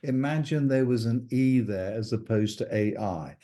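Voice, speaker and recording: A man's voice: mid-range voice, normal speed, mellow. A man teaching a French lesson, patiently explaining verbs and repeating each conjugation. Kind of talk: recorded language lesson.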